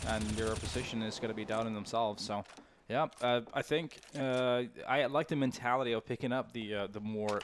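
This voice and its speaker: A man, a former team coach, analysing an esports match in a relaxed, halting way, searching for words. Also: lowish voice, a little hiss or hum. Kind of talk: casual analytical commentary.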